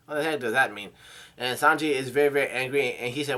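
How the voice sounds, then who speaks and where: Bright-voiced man recapping a comic. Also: medium pitch. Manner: halting, stumbling over names, adding asides. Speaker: manga reader and channel host. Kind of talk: casual comic chapter read-through.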